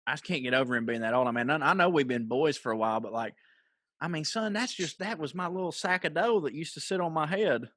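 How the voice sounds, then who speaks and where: A man with a bright, fairly high voice, bantering on a podcast in blunt, profane slang. His voice sounds dry and close to the mic. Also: fast, dry recording. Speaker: podcast co-host. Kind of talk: casual chat.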